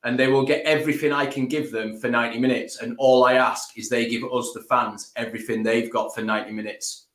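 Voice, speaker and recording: A man's voice: medium pitch, steady tone, fast, fairly bright tone. A man co-hosting a post-match fan podcast, who talks in a blunt, sweary and passionate way. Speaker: co-host of a fan channel. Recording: roomy echo.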